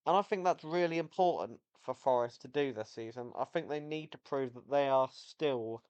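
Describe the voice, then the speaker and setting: A man's voice: mid-range voice, normal speed, darkish tone, clear, resonant tone. Chatty man reviewing football matches. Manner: rambling, self-correcting, enthusiastic. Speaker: football vlogger.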